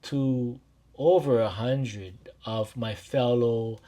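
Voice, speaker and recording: A man's voice: medium pitch, takes it slowly. A man from Maui with a Hawaiian Pidgin-tinged accent, a life coach talking casually and directly to his listeners. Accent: Hawaiian Pidgin-tinged English. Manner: warm, repetitive, addresses listeners directly. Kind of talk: casual direct-to-camera talk.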